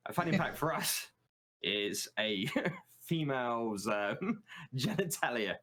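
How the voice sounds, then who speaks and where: A man's voice: medium pitch, very animated, slow pace, a bit bright. British man, guest on a stream, casual and hesitant, medium voice. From United Kingdom. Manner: hesitant, many ums and restarts. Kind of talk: casual chat.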